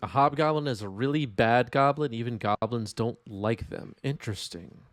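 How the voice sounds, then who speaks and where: A man's voice: medium pitch, normal speed, no room sound. A man with a New York accent commentating a live card game stream, wry and reading chat aloud.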